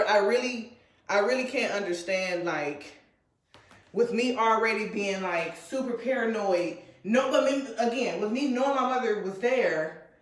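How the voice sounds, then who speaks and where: Woman vlogger, casual storytime, rambling and filler-heavy, roomy echo. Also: fairly high pitch.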